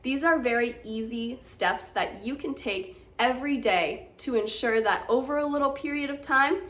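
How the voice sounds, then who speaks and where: An American woman coaching the accent, encouraging and clear as she walks learners through examples. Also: fairly high pitch, moderate pace, a bit bright. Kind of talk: teaching lesson to camera.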